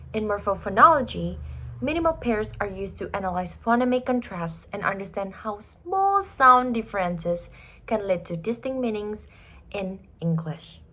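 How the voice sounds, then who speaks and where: A woman giving a class presentation, emphatic and expressive, dwelling on each example word. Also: medium pitch, moderate pace. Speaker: student presenter.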